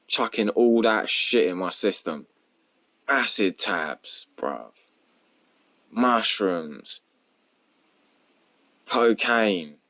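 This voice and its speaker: A man talks through a casual solo podcast, rambling and candid and swearing nearly every line. His voice sits on the low side. The recording is muffled and lo-fi. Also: a bit bright. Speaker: podcast host. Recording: dull lo-fi recording.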